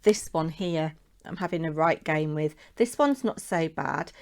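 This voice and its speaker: Woman host, lowish voice, casual self-chatting craft tutorial. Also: a little slow, slight background noise. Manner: chatty, talks to herself while working.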